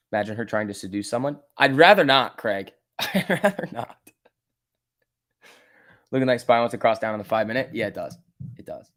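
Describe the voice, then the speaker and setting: A man hosting a live stock trading stream, reading chat questions aloud and muttering about charts, then bursting out excitedly when prices move. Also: fairly low pitch. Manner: casual, swings from mutters to excited outbursts. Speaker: stock trading livestream host.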